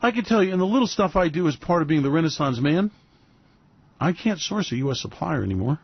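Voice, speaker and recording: Man, host, sarcastic rambling commentary, slightly high voice, dry dull recording. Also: sing-song, quick pace, husky, no room sound. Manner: rambling, sarcastic, fillers and restarts. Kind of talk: sarcastic radio commentary monologue.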